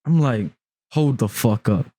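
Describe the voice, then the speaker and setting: A man's voice: medium pitch, measured pace. A man from Brooklyn, a podcast guest telling a story in casual, slangy talk and acting out what people said. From Brooklyn, New York. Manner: animated, slangy, acts out quoted dialogue.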